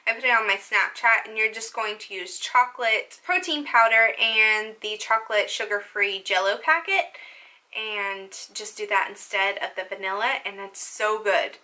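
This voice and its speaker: Bright, chatty young woman vlogger. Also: a little high. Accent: Southern US country. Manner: rambling, upbeat, jumps between topics. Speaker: lifestyle vlogger. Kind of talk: casual chatty advice to viewers.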